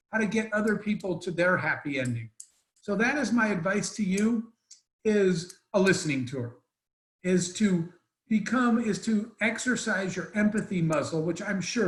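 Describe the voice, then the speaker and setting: A man's voice: high-pitched, roomy sound, low-quality recording. A man telling an emotional story as a guest speaker in an online Q&A, earnest and rambling with restarts, over a video call.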